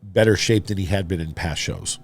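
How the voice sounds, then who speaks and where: A man with a fairly low voice joins a casual podcast chat as co-host. He talks fast and cuts in with short, quick remarks. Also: dry recording. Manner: quick interjections.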